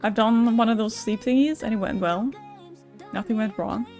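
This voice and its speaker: A woman's voice: fairly high pitch, normal speed, a little mellow, soft background music. A woman streamer chatting candidly and emotionally with her viewers, swearing, laughing and reading their messages aloud. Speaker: Twitch streamer. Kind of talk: casual live-stream chat with viewers.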